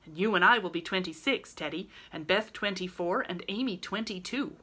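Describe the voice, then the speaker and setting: A woman's voice: lowish voice, normal speed, bright, forceful tone, husky. Woman voicing a bold, spirited teenage girl. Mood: eager. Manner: eager, adventurous.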